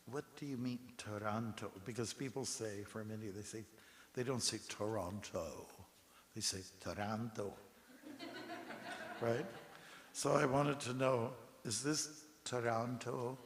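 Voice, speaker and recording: A man giving a scripture class in a temple hall, telling relaxed anecdotes with chuckles and asides to the audience. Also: fairly low pitch. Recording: long hall reverb with faint hiss.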